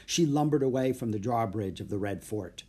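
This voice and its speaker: A man narrating a children's audiobook in a steady, plain storytelling voice. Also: mid-range voice, moderate pace, husky.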